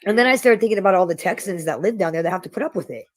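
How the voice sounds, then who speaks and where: A woman's voice: fairly low pitch, lively intonation, racing, a little mellow, no echo. A middle-aged woman from Iowa hosting a casual livestream chat. She talks hesitantly, often repeating words as she goes. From Iowa, USA. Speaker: livestream host.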